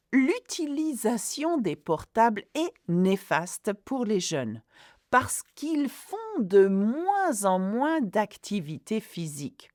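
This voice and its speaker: A woman tutor giving a clear, deliberate video lesson on exam tips, reading out French examples. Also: medium pitch, no echo, clean studio sound.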